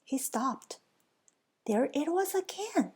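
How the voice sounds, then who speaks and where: A woman's voice: high voice, big pitch swings, takes it slowly, a little mellow. A woman reading a children's picture book aloud, with playful, teasing asides to her listeners. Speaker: storybook reader.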